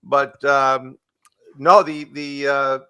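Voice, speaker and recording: Guy voice actor w a bright forceful voice, lots of uh's, dead dry mic. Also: mid-range voice, little pitch movement, extremely slow, clear, resonant tone, no echo. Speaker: voice actor guest. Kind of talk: casual live-stream Q&A.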